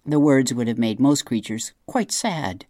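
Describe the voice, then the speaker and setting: A narrator reading a children's chapter book aloud in an expressive, lively way. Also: mid-range voice, unhurried, no echo, clean studio sound. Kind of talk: storybook read-aloud.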